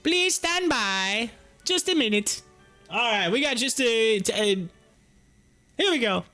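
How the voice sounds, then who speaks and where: A man's voice: very high voice, animated, slow pace, sharp tone, faint music behind. A young man hosting a live stream from home, chatting casually, joking and laughing often while he waits. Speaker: livestream host.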